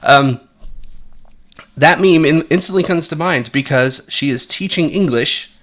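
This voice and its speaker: Blunt, bright-voiced man. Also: on the high side, measured pace. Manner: blunt and profane, rambling with restarts. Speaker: commentary channel host. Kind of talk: opinionated casual commentary.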